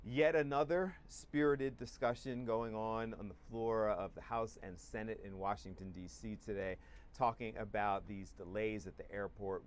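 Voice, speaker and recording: A male TV news anchor with a fairly low voice, chatting in a conversational, upbeat way. He wraps up a segment and sends the show to a break. Faint ambience sits behind him. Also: a little hiss or hum. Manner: conversational, upbeat wrap-ups.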